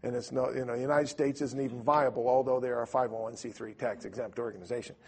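A middle-aged man preaching a sermon with a husky voice, telling stories and acting out the voices in them. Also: medium pitch, fast talker. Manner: animated storyteller who acts out voices in his stories. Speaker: preacher or Bible teacher. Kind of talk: storytelling sermon to a live audience.

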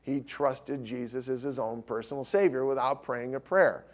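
A man's voice: medium pitch, fairly even intonation, normal speed. A middle-aged man giving sermon-style Bible teaching to a class, conversational, repeating his key points. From California.

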